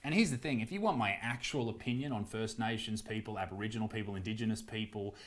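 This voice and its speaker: A man with an Australian accent, a comedian speaking directly to his viewers in a defensive, emphatic way. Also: lowish voice. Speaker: comedian addressing his audience. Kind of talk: direct-to-camera explanation.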